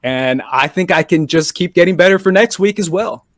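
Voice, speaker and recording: A man's voice: sits high, normal speed, no room sound. A man being interviewed after a quiz match, who talks in an earnest, determined way and often repeats himself.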